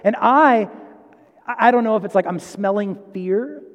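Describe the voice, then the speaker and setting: A man's voice: high-pitched, measured pace, big-room sound. A man preaching a sermon, telling a personal story in a conversational way with asides and self-corrections. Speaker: pastor.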